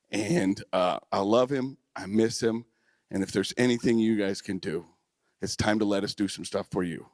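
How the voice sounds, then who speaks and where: A man speaks at a memorial, sharing personal stories with emotion and warmth. His voice sits low, and the sound is dry and close. He pauses with fillers as he goes. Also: no room sound. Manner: emotional, warm storytelling with fillers. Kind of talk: heartfelt personal storytelling.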